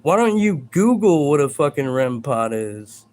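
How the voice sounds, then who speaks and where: A man's voice: on the high side, sing-song, measured pace, darkish tone. A man hosting a live stream, talking to his chat in a combative, profane, ranting way.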